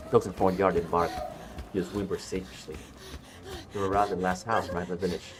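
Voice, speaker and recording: A man's voice: low-pitched, little pitch movement, brisk. A man streaming a game, reading its story text aloud and talking back to the characters with swearing and jokes. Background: game music.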